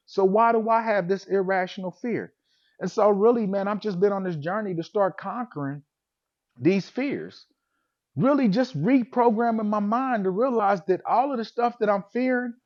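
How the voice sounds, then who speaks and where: A man's voice: sits high, muffled recording. A man casually telling a comic personal story, acting out his own reactions with lots of energy.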